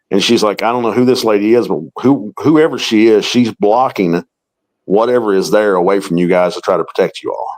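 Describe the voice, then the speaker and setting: A man's voice: lowish voice, low-quality recording. A middle-aged man, a paranormal investigator, telling a long story in an interview and acting out the quoted dialogue.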